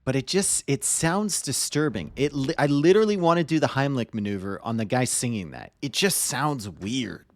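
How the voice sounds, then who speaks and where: A man's voice: medium pitch, lively intonation, normal speed, hardly any pauses, no room sound. A man casting a strategy game match live on stream in a casual, joking way, cheering players on. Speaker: esports caster.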